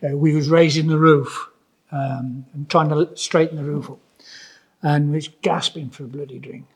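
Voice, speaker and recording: An older tradesman chatting on a podcast, his voice husky and a touch high. He rambles, restarts his sentences and leans on "you know" as he spins a story from the job. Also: fairly even intonation, moderate pace. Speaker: podcast co-host, builder. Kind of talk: casual chat.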